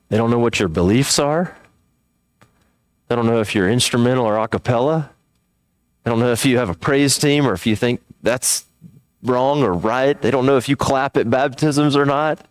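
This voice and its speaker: A man giving a church seminar talk, animated and humorous, acting out little dialogues. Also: medium pitch, normal speed, no echo.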